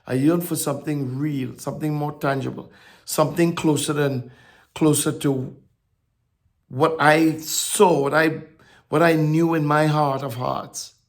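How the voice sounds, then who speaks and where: A male preacher with a fairly high, gravelly voice delivers a sermon at a slow, deliberate pace. He stumbles over and repeats words, then builds to emphatic declarations before dropping back to a soft tone. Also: fairly even intonation.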